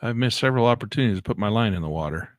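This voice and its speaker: Man, trading educator, live trading commentary, excitable, lowish voice. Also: rapid-fire, no echo, studio quality. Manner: excitable, exclaims and talks to himself.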